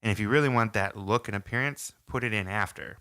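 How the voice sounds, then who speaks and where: A man chatting casually as a podcast co-host, his lowish voice bright and forward. The sound is dry and close, with no room around it. He jokes easily and slips into confident cooking advice. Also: quick pace, clean tone, no room sound. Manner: jokey, gives cooking tips. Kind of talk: casual chat.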